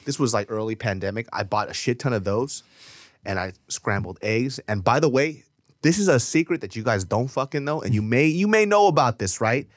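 A man's voice: mid-range voice, lively intonation, fairly quick, dry recording, studio quality. A man co-hosting a podcast, chatting casually and laid-back, with loose slang and frequent swearing. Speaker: podcast co-host. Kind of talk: casual chat.

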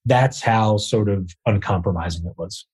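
A man, a show co-creator, telling behind-the-scenes stories in an earnest, measured way. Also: fairly low pitch, a little mellow, husky. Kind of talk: casual interview chat.

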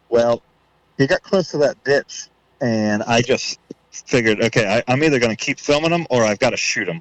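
A man on a podcast, telling a story in a casual way and acting out his own thoughts with rising excitement. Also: fairly low pitch, no echo, rough recording. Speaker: podcast guest.

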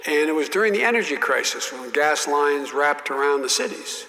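Older man, interview guest, slightly high voice, long hall reverb, repeats himself. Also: lively intonation, moderate pace, bright, forceful tone. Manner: restarts and repeats words, earnest storytelling. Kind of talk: storytelling in an interview.

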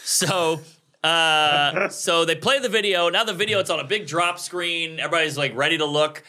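Animated storytelling comedian, high bright voice. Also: male voice, moderate pace. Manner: animated, swearing, acts out voices in his stories. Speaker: comedian guest. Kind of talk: casual storytelling chat.

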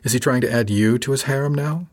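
A man voicing a gruff, bullying male ship's officer who growls and barks his lines. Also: mid-range voice, quick pace, darkish tone, lightly acted. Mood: surly. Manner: growling, barking, slimy.

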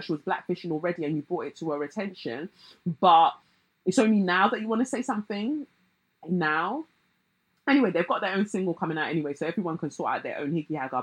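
A woman's voice: medium pitch, breathy edge, low-quality recording. A young woman, giving blunt, sarcastic pop-culture commentary and mocking others in put-on voices.

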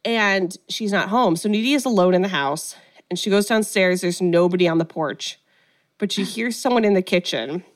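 A woman co-hosting a podcast, casually recapping a film and acting out the quotes with lively energy. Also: lowish voice, brisk. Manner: animated storyteller, acts out quotes. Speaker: podcast co-host.

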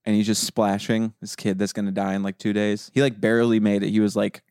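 A man's voice: lowish voice, flat delivery, fast talker, a little mellow, clear, resonant tone, no echo, studio quality. A young man chatting casually as a podcast co-host, retelling stories in a rambling way full of filler words. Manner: rambling storyteller, many "like" fillers. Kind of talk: casual chat.

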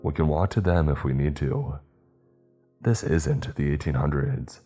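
A man's voice: very deep voice, measured pace, dark tone, faint music behind, full character voice. A man voicing an upbeat male ship crewmate who talks in an easygoing, joking way. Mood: cajoling.

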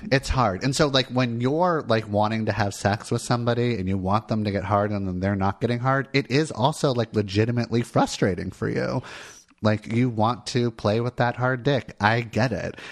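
A man co-hosting a podcast in casual chat, talking candidly and rambling with many fillers. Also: fairly low pitch. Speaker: podcast co-host, therapist.

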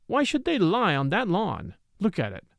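A man reading the part of a mild, patient priest in a quiet, reflective way, in an audiobook. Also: sits high, huge pitch swings, moderate pace, vocal fry, no echo, clean studio sound, heavily acted. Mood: calm. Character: mild little old priest, calm and patient.

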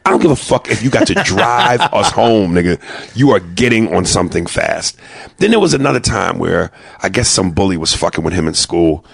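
A man's voice: low voice, expressive, vocal fry, slightly rough, no echo. A middle-aged man from New York with a New York accent, telling profane stand-up stories about his kids and acting out their voices. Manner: loud, profane, acts out family members in quick voices. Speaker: stand-up comedian. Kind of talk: stand-up storytelling.

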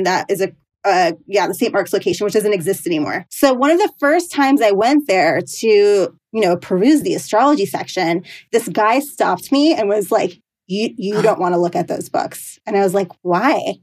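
Chatty woman astrologer telling stories. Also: mid-range voice. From New York City. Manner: chatty, lots of "like" and "you know". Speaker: astrologer guest. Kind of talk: casual storytelling interview.

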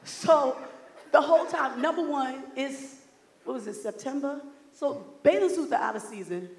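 Animated Brooklyn woman telling her story. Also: sits high, moderate pace. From Brooklyn, New York. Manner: animated, acts out quoted dialogue. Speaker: speaker sharing her story at a seminar. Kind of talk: storytelling speech to an audience. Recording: echoey hall.

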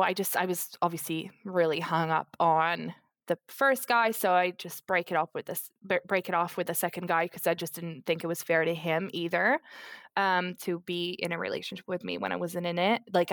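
A woman guest telling a personal story in an animated, fast way, full of fillers and quoted dialogue. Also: lowish voice, no room sound, studio quality. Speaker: anonymous guest. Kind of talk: personal storytelling in a podcast interview.

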